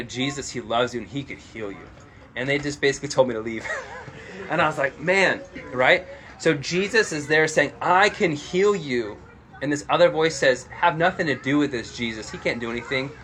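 A man's voice: mid-range voice, a bit bright, a little hiss or hum. Casual-talking man preaching a sermon. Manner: casual storytelling with frequent "like" fillers, raising his voice in quoted lines. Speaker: pastor.

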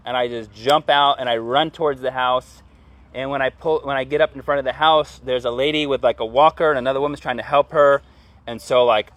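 A man in his thirties telling a story casually, full of fillers and acting out shouted lines. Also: mid-range voice, no room sound. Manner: animated, lots of fillers, acts out yelling.

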